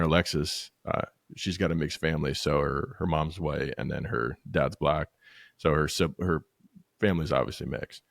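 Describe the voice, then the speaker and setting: Low-voiced blunt storytelling man. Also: dry recording, clean studio sound. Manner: blunt, swears freely, animated storytelling. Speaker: podcast host. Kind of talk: casual podcast chat.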